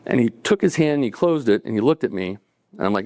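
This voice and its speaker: A middle-aged man telling a personal story to a live audience, relaxed and conversational, with chuckles and acted-out quotes. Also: medium pitch, quick pace, a little hiss or hum.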